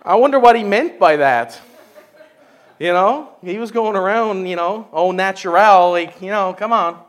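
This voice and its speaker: A man preaching a sermon, animated and joking, with folksy asides and laughter. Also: high-pitched, unhurried. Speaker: pastor.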